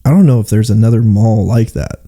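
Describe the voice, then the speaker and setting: A young man from Arizona riffing with a friend on a podcast. His voice is very dark and mellow, and he jokes freely, swearing now and then, with quick asides. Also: fairly low pitch. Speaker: podcast co-host. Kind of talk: casual chat.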